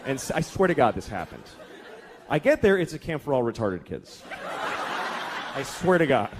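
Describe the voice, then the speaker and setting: A man's voice: mid-range voice, big pitch swings, moderate pace, a crowd in the background, background noise. A man doing a stand-up routine, telling stories in a profane, exasperated way. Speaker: stand-up comedian.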